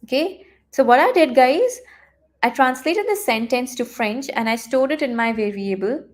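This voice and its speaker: A woman teaching a live online coding lesson, talking her students through the screen with lots of fillers, restarts and thinking out loud. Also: sits high, expressive, normal speed. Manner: chatty, thinks aloud with many fillers and restarts.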